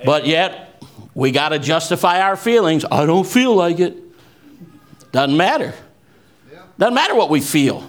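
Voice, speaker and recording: A man preaching a fervent sermon and quoting scripture, swinging from low, quiet asides to raised, shouted lines. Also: animated, a little slow, long pauses. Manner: quotes scripture.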